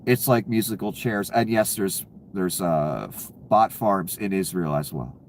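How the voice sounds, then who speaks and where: A man's voice: sits low, a little slow, a little hiss or hum. A man giving casual, profane political commentary, ranting and sarcastic, laughing at his own jokes.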